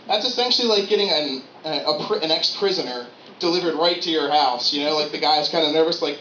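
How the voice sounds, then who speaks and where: A man's voice: a little high, fast talker, hardly any pauses, bright, forceful tone. A man doing a rambling, profane stand-up comedy set, often laughing at his own jokes. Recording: roomy, dull, noisy live recording.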